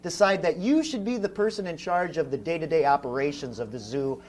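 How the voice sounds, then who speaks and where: A man's voice: fairly high pitch, fairly quick, darkish tone. A man hosting a comedic talk show. He speaks in a mock-formal way and stumbles over fillers.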